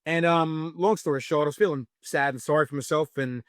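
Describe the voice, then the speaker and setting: Talkative Australian guy, casual interview, bit high, dry recording. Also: steady tone, fairly quick, dry recording. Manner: chatty, storytelling, lots of fillers and acted quotes. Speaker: podcast guest, spicy food show creator.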